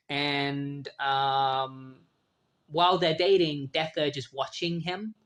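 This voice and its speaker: A man hosting a casual comic book retrospective, an animated storyteller who acts out characters' lines. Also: a little high. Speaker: host.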